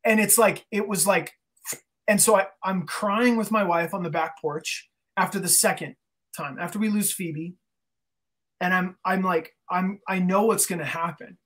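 A man's voice: high voice, moderate pace, fairly bright tone. A man guest in a casual interview, telling an emotional story earnestly, often restarting his sentences. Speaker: guest, band singer.

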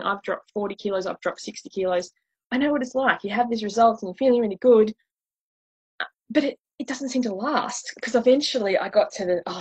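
Woman, weight loss coach giving a slide talk; breathy, chatty, relatable. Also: mid-range voice, a little mellow, poor audio. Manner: chatty and relatable, acts out inner voices.

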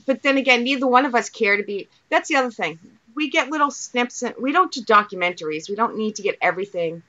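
A woman's voice: a little high, expressive, quick pace, bright, forceful tone. A woman paranormal investigator chatting as a guest, plain and matter-of-fact with hesitant fillers. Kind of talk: casual chat. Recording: dull lo-fi audio.

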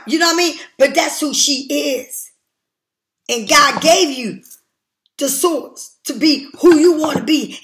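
Blunt, cursing older woman, high voice. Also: a bit bright. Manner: blunt, profane and emphatic. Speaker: tarot reader. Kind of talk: casual tarot reading monologue.

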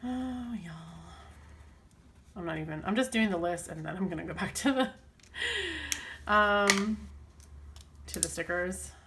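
A woman's voice: mid-range voice, unhurried, long pauses, fairly bright tone, a little hiss or hum. A woman chatting casually and rambling while she works on her planner, full of fillers and self-deprecating asides. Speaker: planner vlogger.

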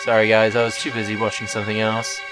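A man commenting on a game he is playing, jokey and excitable with sing-song exclamations. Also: on the low side, quick pace, low-quality recording. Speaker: gaming video host. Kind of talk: let's-play commentary. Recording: game music playing behind.

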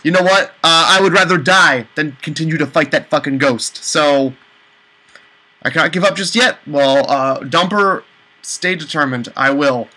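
A man commentating a let's play, exasperated, with high panicked outbursts and swearing. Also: normal speed, sharp tone, rough recording. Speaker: gaming channel host.

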